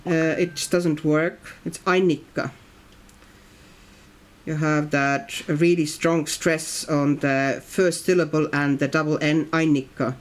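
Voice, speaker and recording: A woman's voice: low voice, steady tone, unhurried, few pauses. A woman streaming while she colors, chatting casually and reading her viewers' comments aloud. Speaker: coloring livestreamer. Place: at home in Brazil.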